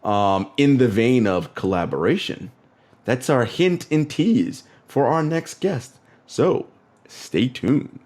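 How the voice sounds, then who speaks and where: A man's voice: medium pitch, expressive, slow, a little mellow. A man hosting a podcast, easygoing and thinking aloud, laughing often. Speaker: podcast host. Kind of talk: casual podcast chat.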